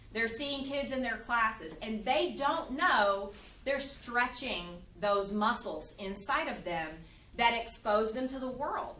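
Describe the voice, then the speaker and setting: Middle-aged female counselor giving a workshop talk, lively delivery, tense edge, distant mic with room echo. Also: a little high, a little hiss or hum. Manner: animated, acts out quoted voices. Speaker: biblical counselor leading a parent workshop. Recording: echoey room from far off.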